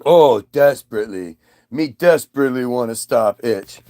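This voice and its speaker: A man's voice: mid-range voice, animated, moderate pace, warm tone, no echo, studio quality, voice pushed down, lightly acted. A man voicing Eve as a dim, childlike woman who talks in broken, simple grammar. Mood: dopey.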